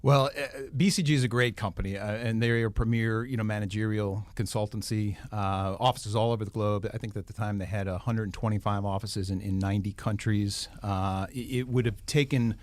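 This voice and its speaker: A man's voice: fairly low pitch, fairly even intonation, a little fast, few pauses, no echo. A middle-aged man with a New Jersey accent, a guest speaking in a casual interview, often repeating words as he restarts. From northern New Jersey. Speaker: guest, police foundation leader.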